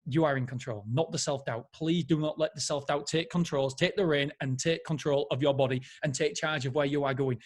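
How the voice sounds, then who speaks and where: A man's voice: on the high side, steady tone, a little fast, hardly any pauses. A man hosting a podcast who reviews a book in a casual, enthusiastic way, often rambling and correcting himself. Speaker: podcast host.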